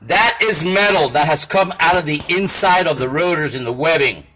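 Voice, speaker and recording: A man's voice: fairly high pitch, normal speed, sharp tone, slight background noise, low-quality recording. A man working as a shop machinist gives an angry, blunt and profane demonstration to camera in his machine shop.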